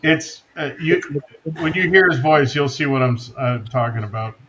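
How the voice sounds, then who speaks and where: Halting man in an echoey room. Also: mid-range voice, a bit bright. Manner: halting, restarts words. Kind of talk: casual chat. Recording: roomy, dull, faint noise.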